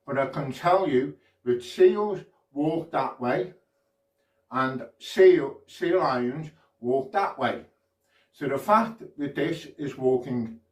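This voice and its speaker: A man from the UK doing a children's magic show, with chirpy, sing-song patter that invites kids at home to join in. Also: medium pitch. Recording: echoey room, far from mic.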